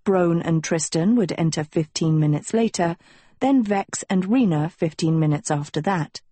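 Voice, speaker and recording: A woman reading an audiobook in a measured, expressive storytelling style. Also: lowish voice, slightly rough, no echo. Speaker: audiobook narrator. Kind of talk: scripted narration.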